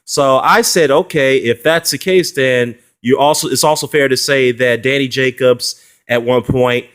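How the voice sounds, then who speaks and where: Male vlogger, average pitch, heated and mocking, loose delivery full of fillers. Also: a little slow, fairly bright tone, clean tone. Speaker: boxing commentary vlogger. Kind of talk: casual ranting response video.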